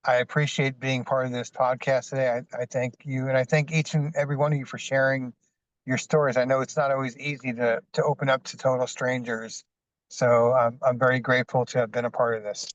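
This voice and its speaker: A man's voice: mid-range voice, level tone, brisk, dry recording, muffled recording. A man who hosts his own podcast, speaking as a guest in a plain, sincere way over a video call. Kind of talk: casual panel talk.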